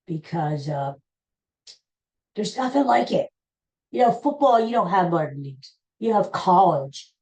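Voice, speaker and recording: Lady podcaster just rambling along, mellow low-ish voice, trips over names. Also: poor audio. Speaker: podcast host. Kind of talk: casual solo chat.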